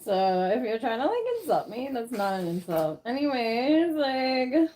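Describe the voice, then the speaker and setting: A woman's voice: on the high side, big pitch swings, measured pace, dark tone. A woman chatting casually on a live stream from home, rambling with lots of fillers and frequent laughs. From Canada.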